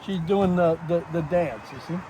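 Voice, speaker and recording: A man's voice: fairly high pitch, moderate pace. A man hosting a vlog in a backyard, chatting casually and rambling as he shows his plans and talks to his animals. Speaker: vlog host. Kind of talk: casual chat. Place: outdoor backyard. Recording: outdoor noise.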